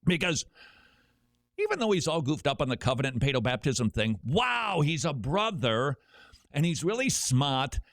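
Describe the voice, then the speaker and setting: A middle-aged man hosting a talk radio show, telling stories with quick joking asides. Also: on the high side, big pitch swings, creaky, a bit bright, no room sound, studio quality.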